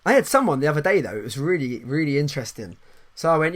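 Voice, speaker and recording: A man hosts a casual podcast chat, his voice sitting a little high for a man. He talks animatedly, tripping into restarts and repeated words and laughing often. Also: animated, very fast, fairly bright tone, slight background noise. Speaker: podcast host and coach.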